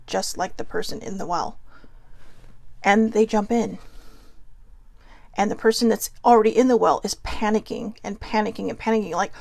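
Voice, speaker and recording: A woman's voice: medium pitch, vocal fry, a little mellow, no room sound. A woman vlogger talking earnestly to viewers, telling a personal story in a heartfelt, reflective way. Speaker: mental health vlogger.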